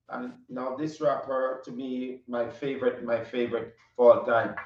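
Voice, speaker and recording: A man with a Caribbean accent hosting a casual interview, animated, often laughing and repeating his questions. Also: medium pitch. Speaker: interview host. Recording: distant, roomy, dull audio.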